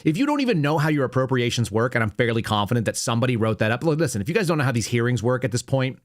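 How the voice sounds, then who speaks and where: A man's voice: medium pitch, very animated, racing, dry recording. A man in his forties hosting a political commentary show, sarcastic and rambling, talking casually from a studio. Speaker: show host.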